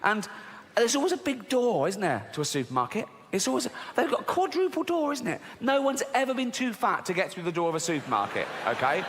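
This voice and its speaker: Guy doing standup, swears a lot, big pitch swings, long hall reverb, faint crowd hum. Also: a little fast. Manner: animated, laughing at his own jokes, swearing. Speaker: stand-up comedian. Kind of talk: stand-up comedy routine. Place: large theater stage with a live audience.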